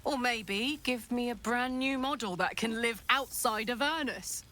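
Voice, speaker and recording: Forceful, foul-mouthed, big-hearted warrior woman for a video game; blunt and loud. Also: fairly high pitch, unhurried. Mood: fond, excited. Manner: loud, blunt, laughs easily, swears. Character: boisterous, swearing, affectionate tiefling warrior woman.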